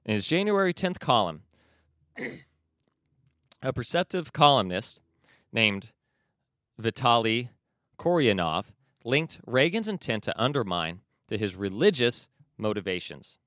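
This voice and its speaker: A man's voice: medium pitch, big pitch swings, takes it slowly, pauses often, a bit bright, no echo, clean studio sound. A man hosting a news commentary podcast, reading book passages aloud with his own asides. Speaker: podcast host.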